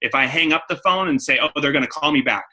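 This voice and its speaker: A man's voice: on the high side, quick pace, pushed and bright, low-quality recording. A man giving a coaching talk to his sales team, repeating key points and acting out phone calls. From San Diego. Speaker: network marketing trainer.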